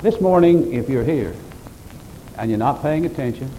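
A man's voice: mid-range voice, animated, normal speed, mellow, slight background noise, poor audio. A man preaching a sermon at a church service, quoting scripture at length in old-fashioned phrasing, with folksy, homespun asides. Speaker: pastor.

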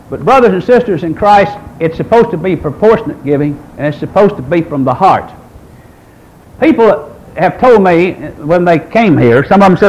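A man's voice: sits high, poor audio. A man in his sixties preaching a sermon, quoting scripture and asking the congregation rhetorical questions in an emphatic way. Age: 60s. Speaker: pastor.

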